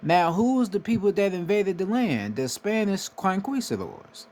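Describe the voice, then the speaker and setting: A man's voice: high-pitched, sing-song, normal speed, a little mellow. A man from the United States giving a casual, emphatic monologue, swearing freely and often asking "right?" to drive his points home. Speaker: spiritual commentator.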